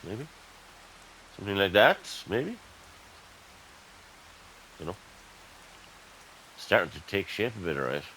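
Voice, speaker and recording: An Irish man giving casual, excitable gameplay commentary and chatting to his viewers as "lads". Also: deep voice, slow pace, long pauses, slight background noise, rough recording. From Ireland. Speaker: gaming YouTuber.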